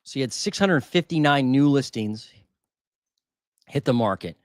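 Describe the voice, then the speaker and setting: A man's voice: mid-range voice, expressive, measured pace, no room sound, clean studio sound. Casual man thinking aloud on market data. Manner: thinks aloud, restarts and repeats figures. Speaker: housing market channel host.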